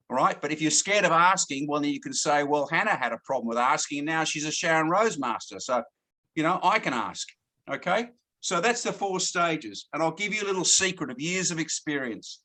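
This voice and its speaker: A man's voice: a little high, bright, forceful tone. A man giving a sales training talk to a team, often stopping to check in with "okay?" and repeating words as he goes. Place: lives in Thailand, now in Australia.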